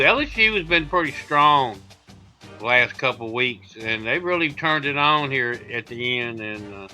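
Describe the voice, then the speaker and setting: A man's voice: medium pitch, sharp tone. A man doing color commentary on a video game league stream, laid-back and a bit hesitant.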